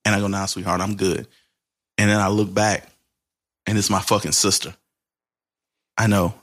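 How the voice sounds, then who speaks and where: A man's voice: fairly low pitch, little pitch movement, moderate pace, a bit bright. A man in his thirties hosting a casual podcast, telling a long story with laughter over drinks. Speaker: podcast host. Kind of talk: casual chat among friends.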